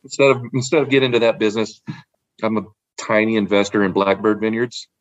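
A man's voice: on the low side, fast, dry recording, muffled recording. A man in casual chat, rambling about wine with repeated words and frequent laughs. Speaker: podcast guest, wine collector.

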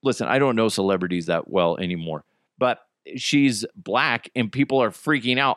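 A man's voice: mid-range voice, fairly quick, fairly bright tone, no room sound, clean studio sound. An American man hosting a podcast, chatting in a casual, jokey and profane rant. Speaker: podcast host.

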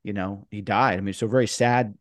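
A man's voice: lowish voice, fairly even intonation, fairly quick, no echo, clean studio sound. A man hosting a podcast interview, who casually fills in background for the listeners and restarts his sentences often. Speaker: podcast host, entertainment lawyer. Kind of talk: conversational interview.

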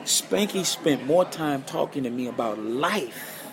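A man's voice: medium pitch, a little slow. A man telling stories in a podcast interview, acting out the voices of the people he quotes. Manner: animated storyteller, acts out quoted voices. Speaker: guest guitarist.

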